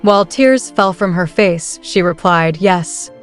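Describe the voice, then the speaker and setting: Female recap narrator, scripted storytelling, steady delivery over soft music. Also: fairly low pitch, measured pace, clear, resonant tone. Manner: steady, even reading of every part.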